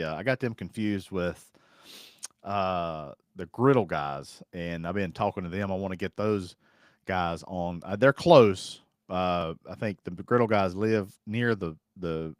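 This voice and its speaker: A man's voice: on the low side, no echo, clean studio sound. Rambling folksy man on a live stream. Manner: rambling, folksy, reads viewer comments aloud. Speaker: host. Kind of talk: casual live-stream chat.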